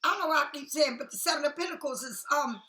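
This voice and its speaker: A high-pitched, very bright woman giving a tarot reading in a sassy, blunt, talkative way. She swears freely and talks straight at the listener. The sound is echoey, as if from a bare room. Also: fast talker. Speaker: tarot card reader.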